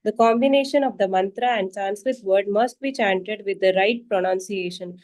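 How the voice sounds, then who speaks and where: A woman's voice: mid-range voice, normal speed, darkish tone. A woman reading a commentary aloud in an online class, careful, with small slips and restarts. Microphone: video call.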